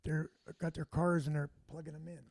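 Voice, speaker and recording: Gravelly high-voiced man telling stories. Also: level tone, a little fast, a little mellow. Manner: rambling anecdotal storytelling with repeats. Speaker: stand-up comedian. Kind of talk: casual storytelling chat.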